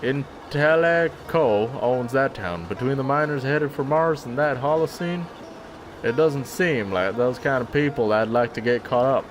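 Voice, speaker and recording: A man's voice: medium pitch, unhurried, over music, lightly acted. Man putting on a drawling Southern banjo player. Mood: grumbling. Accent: put-on Southern US. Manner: drawling, grumbling monologue. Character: weary male banjo player, drifter, bitter about the company town.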